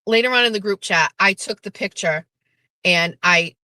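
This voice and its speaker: A woman hosting a show, telling a story in a casual, animated monologue, blunt and swearing freely as she acts out what people said. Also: medium pitch, normal speed, no room sound. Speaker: show host.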